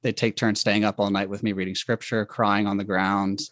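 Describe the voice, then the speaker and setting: A man telling a personal faith story in conversation, speaking haltingly and reflectively with many restarts. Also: on the low side, flat delivery, fairly bright tone, no room sound.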